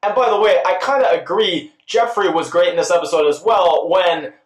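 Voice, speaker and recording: A man giving a casual spoken recap and review of a TV episode, chatty and quick to act out the characters' lines. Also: high-pitched, roomy sound. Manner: chatty, quotes characters in quick put-on voices.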